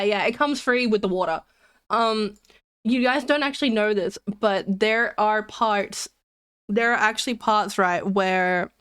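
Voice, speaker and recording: A woman's voice: medium pitch, a bit bright, no echo, clean studio sound. A young woman streamer chatting casually with her chat, rambling and giggling between jokes.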